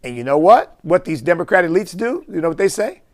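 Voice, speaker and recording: A man's voice: high-pitched, sing-song, a little fast, darkish tone. A man, a bishop, giving impassioned preaching-style commentary full of rhetorical questions.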